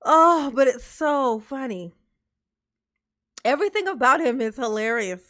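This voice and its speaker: A woman's voice: sits high, expressive, a little slow, fairly bright tone. A woman giving casual reaction commentary to her viewers, mocking and laughing often. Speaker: commentary vlogger.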